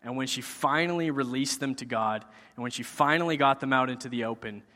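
This man has a sharp-toned, mid-range voice as he casually recounts his personal testimony of faith, voicing the things he once said. A long hall reverb surrounds his speech.

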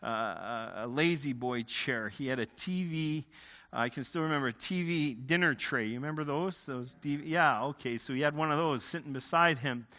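A man's voice: mid-range voice, moderate pace, bright, forceful tone, long reverb tail. A man from Ontario, a pastor preaching a sermon, telling a personal story in a conversational way with frequent restarts. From Ontario, Canada.

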